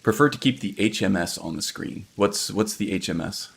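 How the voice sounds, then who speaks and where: A man's voice: fairly low pitch, normal speed, vocal fry, a bit bright, husky. A man livestreaming a video game, chatting casually and rambling with plenty of ums and restarts. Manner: rambling, self-correcting, lots of ums.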